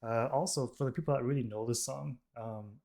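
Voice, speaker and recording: A man's voice: medium pitch, fairly quick, vocal fry, a little mellow. A man from the United States, hosting a reaction channel, talking casually to camera with many ums and restarts. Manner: rambling, with many ums and self-corrections. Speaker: K-pop reaction channel host.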